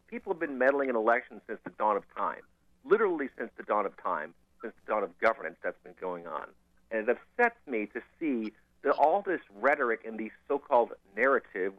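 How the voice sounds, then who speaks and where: A man hosting a podcast, giving animated, opinionated commentary and laughing often. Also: mid-range voice, dry recording. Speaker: podcast host. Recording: tinny phone-like line.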